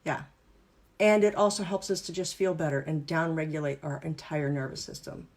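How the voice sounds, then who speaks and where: With a deep voice, steady tone and moderate pace, a woman wellness and business coach leads a live online workshop. She explains the exercises in an upbeat, playful, instructive manner.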